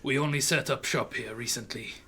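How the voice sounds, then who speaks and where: A man voicing a frail old man who speaks quietly and haltingly, ashamed and evasive. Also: medium pitch, gravelly, slight background noise.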